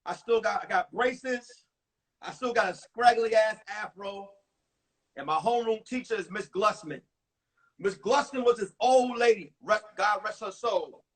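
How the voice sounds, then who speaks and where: A man in his forties, a comedian telling crude, animated stories about his school days on a phone livestream. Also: high voice, measured pace. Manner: animated, profane storytelling with acted-out voices. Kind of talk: stand-up storytelling on a livestream.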